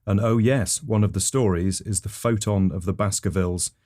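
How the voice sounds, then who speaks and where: Low-voiced man telling absurd stories deadpan. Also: moderate pace. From England. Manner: rambling, matter-of-fact delivery with self-corrections. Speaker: comedy podcast host.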